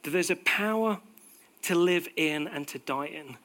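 Guy giving a sermon, kinda high bright voice, chatty and lively, acts out bits of dialogue. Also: unhurried. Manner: conversational, animated preaching with acted-out quotes. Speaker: preacher.

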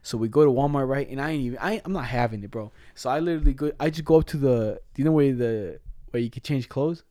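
A man's voice: medium pitch, quick pace, few pauses, dark tone, no room sound, clean studio sound. A young man telling a story in casual chat, slangy and profane, laughing as he goes.

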